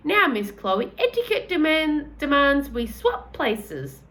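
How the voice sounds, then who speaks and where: Lady doing a kind old tramp guy, prim old-timey manners, fairly high voice. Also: big pitch swings, slow pace, fairly bright tone, heavily acted. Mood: genteel. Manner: old-fashioned, polite, fatherly. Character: kindly old male tramp, gentlemanly.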